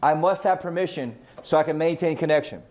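A man's voice: fairly high pitch, fairly quick, a little mellow. A man coaching real estate agents on client communication, emphatic and full of rhetorical questions he answers himself. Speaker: sales trainer.

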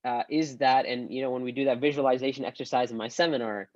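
A male Islamic teacher giving an online religious lesson, animated and acting out quoted speech. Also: medium pitch, fast, no echo, lo-fi sound.

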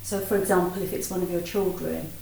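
Woman with a mellow voice in an echoey room. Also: lowish voice, fairly even intonation, a little fast, vocal fry, slight background noise. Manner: thoughtful, searching for words. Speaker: student in discussion. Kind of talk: questioning discussion. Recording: echoey room, mic far away.

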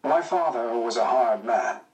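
A man voicing a cheerful young wartime pilot, brisk and teasing in his dry wit. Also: mid-range voice, darkish tone, recorded from a distance, pitched below the performer's own voice, lightly acted, poor audio. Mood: wry. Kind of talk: audiobook character voice.

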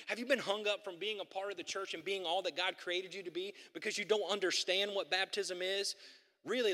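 A man's voice: sits high, bright, forceful tone, big-room sound. A man preaching a sermon as pastor, earnest and building to emphatic repeated lines, recorded in a church. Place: church sanctuary.

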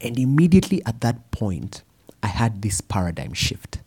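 A young man with a Kenyan accent giving a personal storytelling talk, animated and slipping Swahili phrases into his English. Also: on the low side, normal speed, slightly rough. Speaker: speaker.

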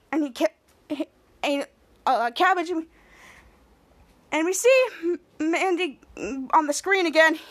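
A woman's voice: extremely high pitch, takes it slowly, pauses often, fairly bright tone. A woman podcast host casually recapping a TV episode scene by scene, quoting the characters as she goes.

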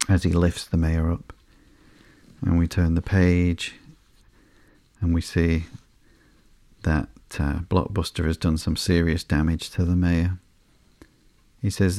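A man hosting a podcast, reading through a comic book in a slow, sleepy, monotone way with soft fillers. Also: low voice, no room sound, clean studio sound. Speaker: podcast host.

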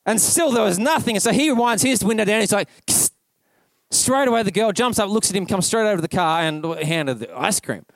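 A man's voice: sits high, animated, quick pace, hardly any pauses, dry recording. A man with an Australian accent preaching a casual, conversational sermon in church, telling stories in a chatty way full of "like". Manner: chatty storytelling, peppered with "like". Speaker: pastor.

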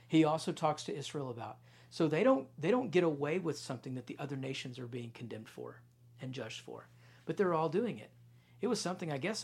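A man in his thirties, a pastor preaching a sermon in a conversational, storytelling way that drops into quiet, intense stretches. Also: a little high, breathy edge.

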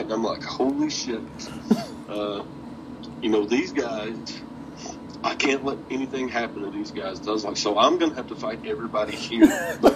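A man's voice: fairly low pitch, background noise. A man telling wrestling stories in a casual interview, swearing freely and laughing often as he talks. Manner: profane, laughing, animated storytelling.

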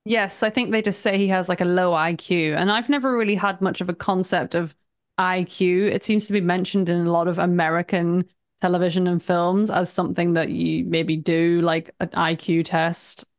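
A woman's voice: on the low side, steady tone. Chatty, laughing woman podcast co-host. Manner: chatty, quick to laugh, curious. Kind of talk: casual movie-review chat.

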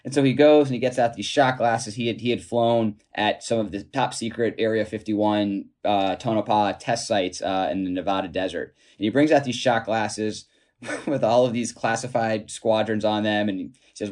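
A man telling a story as an interview guest, halting with many restarts and chuckling now and then. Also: lowish voice. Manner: animated, chuckling while telling anecdotes. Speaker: author and guest.

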